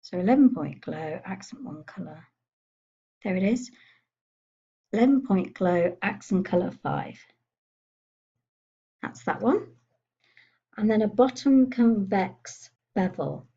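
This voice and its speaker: A woman giving a chatty software tutorial, thinking aloud as she clicks through menus. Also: mid-range voice, expressive, slow, long pauses, breathy edge, highs cut off. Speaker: computer skills tutor. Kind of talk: screen-recorded software tutorial.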